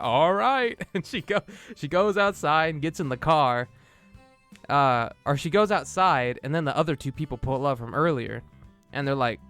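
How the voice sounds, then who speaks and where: With faint music behind him, a man with a fairly high, brisk, slightly bright and clean voice reviews a film. He recounts the story loosely and profanely, laughing and doing the characters' dialogue.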